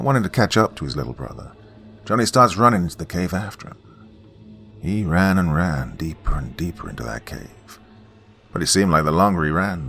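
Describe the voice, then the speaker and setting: A man with an extremely deep, low voice tells a horror tale around a campfire. He is folksy and dramatic, sinking to hushed whispers for suspense, with faint music under him. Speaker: horror story narrator.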